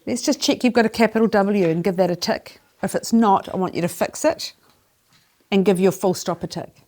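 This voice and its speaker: A woman leads a young class through a spelling lesson, her voice clear and encouraging. She talks in a steady middle pitch, giving short instructions and counting the children in. She is recorded in a classroom. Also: moderate pace. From New Zealand. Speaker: primary school teacher. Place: primary school classroom.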